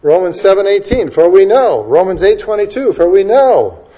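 Here the preacher's voice is high-pitched, warm, and very animated, heard through lo-fi sound. Delivering his sermon, the pastor asks rhetorical questions and builds to emphatic high points, citing scripture references back to back.

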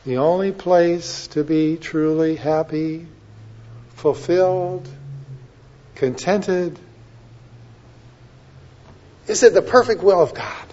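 A man preaching a sermon, dropping to soft asides and rising to loud, drawn-out emphatic lines. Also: on the high side. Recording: dull lo-fi sermon recording.

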